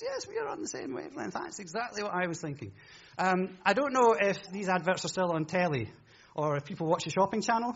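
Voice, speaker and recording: Husky-voiced preacher, lively and high. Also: male voice, muffled recording. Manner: chatty, jokey, teases the congregation. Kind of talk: humorous sermon talk. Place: church.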